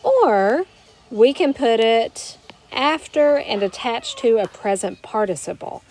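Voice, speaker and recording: A woman teaching a recorded grammar lesson, explaining patiently step by step and slowing down to model phrases. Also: on the high side, lively intonation, a little mellow. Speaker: Spanish teacher.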